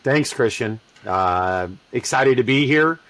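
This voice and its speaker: A man in his forties, relaxed and conversational, telling his career story as a podcast guest and acting out quoted lines. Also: medium pitch, slow pace. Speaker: podcast guest, call center executive. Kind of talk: casual storytelling interview.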